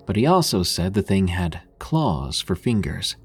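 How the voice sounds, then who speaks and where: A man's voice: low voice, sing-song, unhurried, soft background music, exaggerated voice. A man voicing a young male camper who earnestly tells a spooky hunting story.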